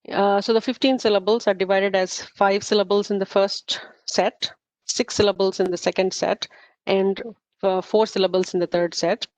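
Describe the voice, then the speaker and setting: A woman's voice: medium pitch, dry recording. A woman teaching a study group in an informal lecture, explaining step by step with frequent fillers and self-corrections. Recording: slightly muffled, dull recording.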